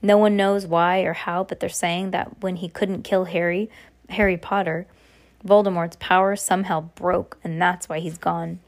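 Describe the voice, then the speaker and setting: A woman's voice: lowish voice, flat delivery, moderate pace, natural voice. A woman voicing a stern, anxious older witch professor who protests fretfully. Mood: distressed.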